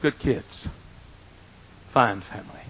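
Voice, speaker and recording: An older man preaching a folksy sermon in a church, swinging from quiet asides to loud, drawn-out emphasis, with a husky voice. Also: fairly low pitch, slight background noise, rough recording. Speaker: pastor. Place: church auditorium.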